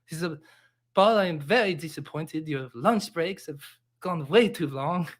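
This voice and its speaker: A man putting on a fake French accent to play a pompous male boss scolding an employee in a slow, stiff way. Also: on the high side.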